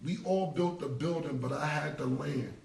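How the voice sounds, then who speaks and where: A rapper in his forties gives a rambling, casual livestream rant that's emphatic, profane, and repetitive. His fairly high voice moves at normal speed, with vocal fry and a slightly mellow quality. The phone is held away, catching him from a distance with a roomy echo.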